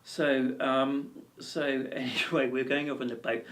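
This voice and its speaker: A man's voice: mid-range voice, fairly even intonation, fairly quick, distant mic. A man teaching a ukulele course in a chatty, encouraging way, with lots of ums and restarts. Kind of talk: casual video lesson and anecdote.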